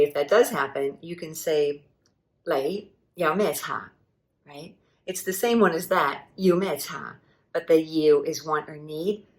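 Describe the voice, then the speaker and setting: Middle-aged woman teacher, low voice, patient and clear, repeats each word slowly. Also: low-quality recording. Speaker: language teacher. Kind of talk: relaxed spoken lesson.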